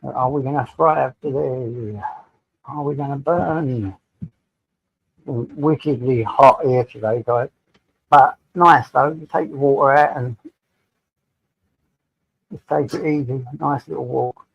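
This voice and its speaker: A man's voice: medium pitch, steady tone, takes it slowly, vocal fry, long pauses, husky, no echo, lo-fi sound. An English man hosting a casual live stream from home, greeting viewers by name and chatting to them. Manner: chatty, addresses viewers by name, talks to his dog. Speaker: livestream host.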